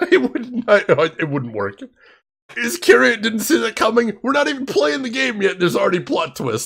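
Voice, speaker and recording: A husky-voiced man hosts a casual let's play, hamming it up like a showman with mock-grand announcements. His pitch swings widely and sits a touch high. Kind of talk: casual game commentary.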